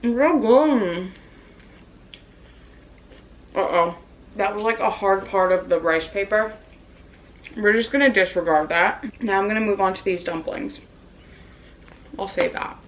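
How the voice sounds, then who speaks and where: A woman's voice: mid-range voice, a little slow, long pauses, poor audio. A young woman vlogger in a casual mukbang, chatting and rambling while she eats, in her apartment. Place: apartment room in New York.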